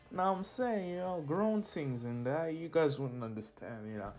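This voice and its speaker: A man's voice: a little high, sing-song, moderate pace, hardly any pauses, over music. A teenage boy narrating a fan-made superhero story in a casual, rambling way with laughing asides and slang.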